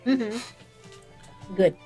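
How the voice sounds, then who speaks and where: A woman's voice: mid-range voice, extremely slow, dark tone, slightly rough, faint music behind. A woman playing her character in a tabletop game, speaking hesitantly and politely. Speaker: player.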